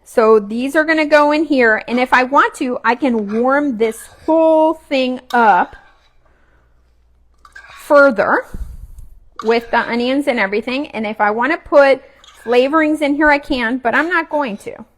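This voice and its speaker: A woman's voice: high-pitched, a little slow. Chatty woman cooking at home. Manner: chatty, relaxed, talks while cooking and chewing. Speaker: cooking vlogger. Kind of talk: casual kitchen demo. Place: home kitchen.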